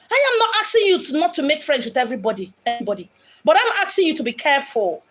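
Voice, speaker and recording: A woman's voice: high-pitched, very animated, fast, a bit bright. A woman from Abia State in Nigeria with a Nigerian accent, a spiritual medium speaking in an impassioned, dramatic monologue. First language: Igbo. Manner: dramatic, acts out quoted voices. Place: home in Lagos.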